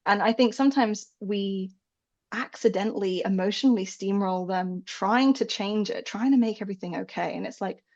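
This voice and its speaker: A woman's voice: medium pitch, moderate pace, darkish tone, lo-fi sound. A woman dog behavior expert speaking candidly and with animation as a guest in a casual interview, swearing freely and often laughing.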